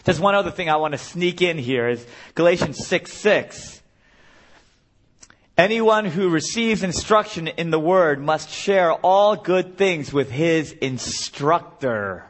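A man's voice: a little high, animated, takes it slowly. A middle-aged man preaching a sermon as a guest speaker, earnest and building to impassioned cries.

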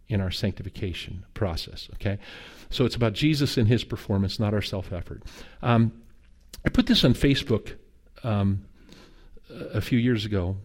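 A middle-aged man preaching a sermon as a pastor, telling stories with humor and acted dialogue. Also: mid-range voice. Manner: conversational storytelling with humor and quoted dialogue.

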